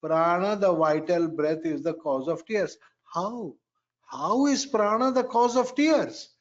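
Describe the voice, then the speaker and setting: A Vedic astrology teacher delivers a spiritual lecture in a high, muffled-sounding male voice. He talks slowly and emphatically, repeating key phrases and chanting mantras.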